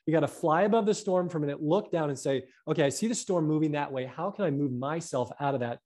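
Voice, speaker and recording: A man talking about health as a guest, animated and fond of tagging his points with "right?". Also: a little high, fast. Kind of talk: casual conversation.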